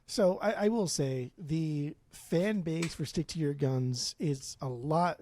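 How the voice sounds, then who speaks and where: A man's voice: a little high, takes it slowly, warm tone, a little hiss or hum. A man co-hosting a casual music podcast, rambling through blunt, profane opinions. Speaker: podcast co-host.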